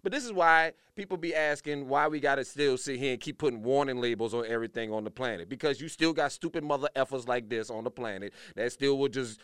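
A man's voice: mid-range voice, fast, hardly any pauses, fairly bright tone, clear, resonant tone, dry recording, clean studio sound. A man from Louisiana hosting a morning radio show, talking bluntly and ranting with jokes. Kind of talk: casual morning show chat.

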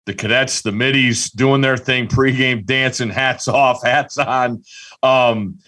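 A man co-hosting a casual sports podcast, telling a story excitedly with lots of restarts. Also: medium pitch. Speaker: podcast co-host.

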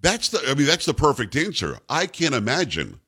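Blunt, animated male talk host. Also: on the high side, a little fast, breathy edge. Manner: blunt, repetitive, emphatic. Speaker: radio talk show host. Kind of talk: opinionated monologue on sports news.

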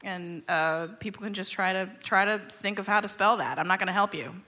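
A woman hosting a live radio interview in a relaxed, playful way. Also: mid-range voice, brisk. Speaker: radio show host.

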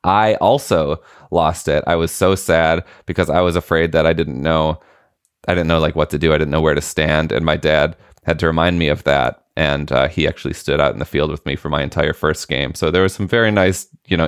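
A man's voice: rumbling low, a little fast, clean tone, no echo, clean studio sound. A man in his late thirties, a podcast co-host, telling a family story in casual chat and acting out the quotes. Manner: animated storytelling, acts out quotes.

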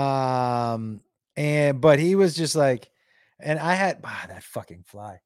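A man's voice: medium pitch, lively intonation, takes it slowly, dry recording, clean studio sound. A man telling a rambling, profane comedy story on a livestream, often laughing and greeting viewers by name. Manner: rambling, profane, reads chat names aloud.

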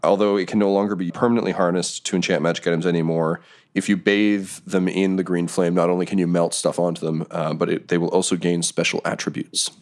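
Deep-voiced man narrating as dungeon master. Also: fast. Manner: calm, explanatory narration with fillers. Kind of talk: narrating a tabletop game.

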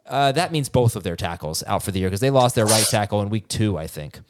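A man co-hosting a casual fantasy football podcast, brisk and teasing, with frequent "uh" fillers. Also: lowish voice, animated, a little hiss or hum. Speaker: podcast co-host.

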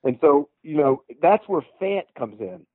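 A man's voice: fairly high pitch, expressive, a little slow, no echo. A man calling in as a football reporter, giving sports analysis in a matter-of-fact, confident way. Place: at a team practice facility. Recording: tinny phone line.

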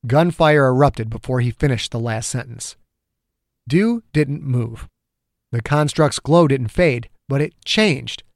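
A man narrating his own serialized thriller in a dramatic, measured way. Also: mid-range voice, darkish tone, no echo, clean studio sound. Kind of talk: scripted audiobook narration.

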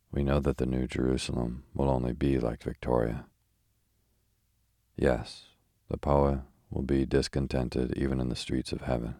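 A man reading the lines of a brooding, touchy anarchist poet, slow and weighty. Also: extremely low pitch, vocal fry, warm tone, no room sound, clean studio sound, heavily acted. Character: brooding red-haired male anarchist poet.

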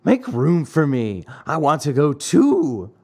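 A man's voice: fairly high pitch, wildly swooping pitch, slow, warm tone, exaggerated voice. A man voicing a wooden marionette boy in a storybook reading, earnest and wavering, with a pleading boyish tone.

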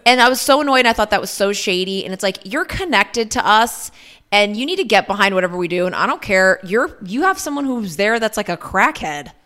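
A woman's voice: mid-range voice, lively intonation, a little fast, pushed and bright. A woman co-hosting a podcast, ranting casually about politics with sarcasm and a lot of swearing. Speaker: podcast co-host.

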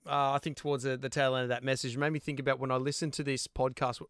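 A man's voice: mid-range voice, little pitch movement, quick pace, a bit bright, clear, resonant tone, no room sound, clean studio sound. A man on a podcast chatting and laughing as he tells a story, swearing as he goes. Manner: laughs through his words, swears. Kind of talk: casual storytelling chat.

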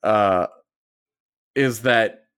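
Rambling, animated man on a podcast. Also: on the low side, very slow, clean tone, no echo, clean studio sound. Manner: rambling, self-correcting, animated. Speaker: sports podcast co-host. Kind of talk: casual hockey talk.

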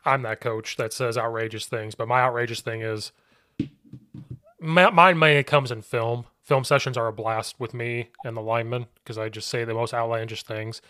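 A podcast host who also coaches linemen, talking casually and cracking outlandish jokes while laughing often. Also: male voice, mid-range voice, steady tone, normal speed, pushed and bright, no room sound. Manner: jokey, laughs often, outlandish one-liners.

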